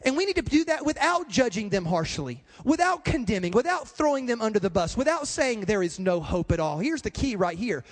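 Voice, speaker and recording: A man's voice: sits high, very animated, fairly quick, hardly any pauses, in a large hall. A male pastor preaching a sermon in an emphatic, repetitive way, speaking straight to the congregation.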